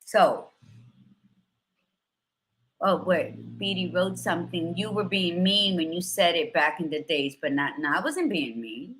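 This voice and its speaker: A woman in her fifties hosts a candid talk show with a bright, forceful tone. She talks openly and emotionally, then turns motivational with a lowish voice. Now and then she a phrase. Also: animated, a little slow, slight background noise. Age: 50s. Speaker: host. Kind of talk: casual chat.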